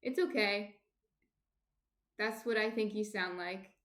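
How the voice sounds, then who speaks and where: This baking streamer from New Jersey speaks slowly in a mid-range, fairly bright voice, and her home kitchen sounds reverberant. Chatting casually, she works through viewer comments in a meandering way, full of fillers and false starts.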